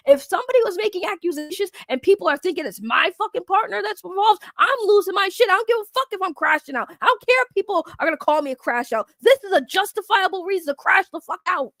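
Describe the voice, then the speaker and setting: A woman's voice: extremely high pitch, lively intonation, quick pace, hardly any pauses, a bit bright, dry recording, studio quality. A woman hosting a commentary show, fired up and swearing a lot as she rants. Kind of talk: heated casual commentary.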